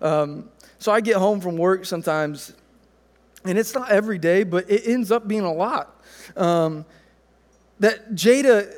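A man in his thirties preaching a sermon, telling a family story in a relaxed, conversational way. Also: high voice, a little slow, big-room sound. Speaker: pastor.

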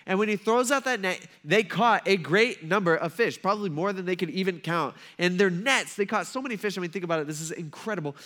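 A man's voice: sits high, fairly bright tone. A man as a pastor, telling a Bible story in a loose, conversational sermon style with lots of "like" and "right?".

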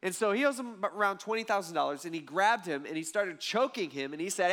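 A man preaching a sermon in an animated, conversational way, voice swinging from loud to quiet. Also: high voice, a little fast. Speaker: pastor.

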